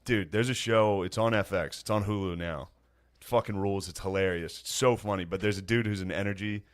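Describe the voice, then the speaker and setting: A man's voice: lowish voice, steady tone, brisk, smooth. A man co-hosting a podcast, teasing and cracking profane jokes in casual banter. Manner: joking, teasing interjections, profane. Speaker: podcast co-host.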